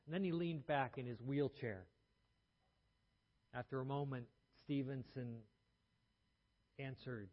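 A pastor earnestly tells a story during a sermon, frequently restarting his words, in a medium-pitched voice at a measured pace with long pauses. The sound is muffled and echoes in a reverberant hall.

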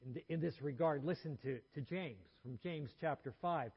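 A man preaches a sermon with a slightly husky, somewhat raised voice. He talks in a measured, earnest way, and his phrases fall away softly at the ends. The recording sounds a little dull and lo-fi. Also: fairly high pitch. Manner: measured, earnest preaching with trailing soft phrase endings and small restarts.

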